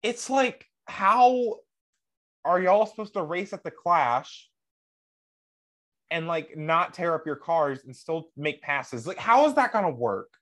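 Lively, animated podcast co-host. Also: mid-range voice, slow pace. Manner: animated, laughs often, trails off mid-sentence. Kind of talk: casual chat.

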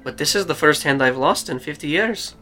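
A man voicing a strong old male scientist who counts cards, talking slowly with a foreign lilt. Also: on the high side, expressive, sharp tone, soft background music, pitched above the performer's own voice. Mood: genial.

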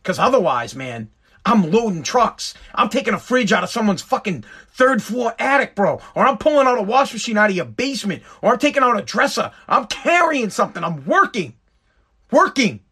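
A man's voice: sits high, big pitch swings, normal speed, bright, forceful tone, breathy edge. A man telling an exasperated, profane stand-up story. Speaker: stand-up comedian.

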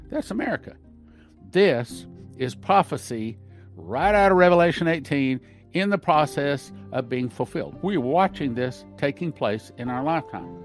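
A man's voice: fairly high pitch, expressive, normal speed, soft background music. A man hosting a podcast, reading news and scripture aloud and commenting on it with emphatic, repeated points. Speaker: podcast host.

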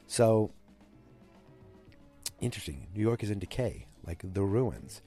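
A man's voice: fairly low pitch, animated, unhurried, pauses often, mellow, soft background music. A man casually recapping an episode, rambling with fillers and self-corrections. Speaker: show recap host.

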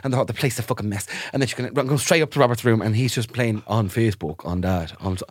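A man co-hosting a podcast, chatting casually as an animated storyteller who laughs easily. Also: lowish voice, fast, no room sound, studio quality. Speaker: podcast co-host. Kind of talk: casual chat.

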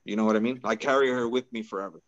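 A man's voice: mid-range voice, steady tone, very fast, fairly bright tone, no echo, highs cut off. A man as a podcast guest, telling a personal story in a laid-back, casual way and peppering his talk with "bro" and "right?".

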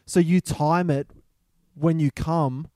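A man trades deadpan quips with his co-host on a podcast, in a mellow, slightly higher voice. The sound is dry and close, as if recorded over a remote call. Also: slow pace, dry recording. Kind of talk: crude casual banter. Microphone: remote call mic.

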